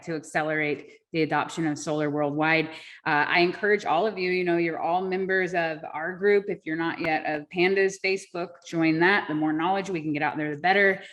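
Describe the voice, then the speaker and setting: A woman's voice: on the low side, a bit bright. Woman hosting an online forum, upbeat. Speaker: forum host. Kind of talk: casual online meeting talk. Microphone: video call.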